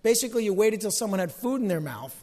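A man preaching a sermon as a pastor who grew up in the American Northeast. He acts out quoted arguments and swings from loud bursts to hushed asides. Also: high voice, big pitch swings, quick pace. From Northeast US, Italian-American home. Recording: long hall reverb.

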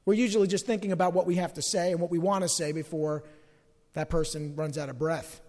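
A man preaching a sermon as a pastor who grew up in the American Northeast. He acts out quoted arguments and swings from loud bursts to hushed asides. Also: on the high side, fairly even intonation, a little fast. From Northeast US, Italian-American home. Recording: long hall reverb.

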